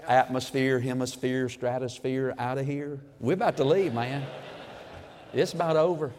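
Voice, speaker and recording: Male preacher, mid-pitched, homespun sermon delivery with booming crescendos; long hall reverb. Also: steady tone, moderate pace, slight background noise. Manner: folksy storytelling, surging to loud emphatic peaks.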